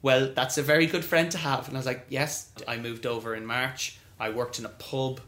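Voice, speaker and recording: A man spins a lively story as a podcast guest, acting out quoted lines in high, bright voices. His tone is bright and forceful. The room gives a clear echo. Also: a little fast, slight background noise. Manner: animated, acts out quoted voices. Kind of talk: storytelling interview.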